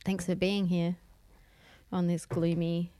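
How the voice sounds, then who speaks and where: A woman's voice: lowish voice, level tone, slow, mellow. A middle-aged woman with an Australian accent, co-hosting a casual live-streamed podcast and greeting viewers by name. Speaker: podcast co-host.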